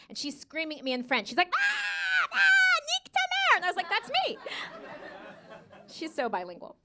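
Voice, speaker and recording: An American woman in her thirties works a live comedy stage on a handheld mic. Her voice sits high and bright, with a bold pitch that leaps up and down. She is brassy and sassy, chuckles at her own punchlines, and slips into voices. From United States. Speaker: stand-up comedian.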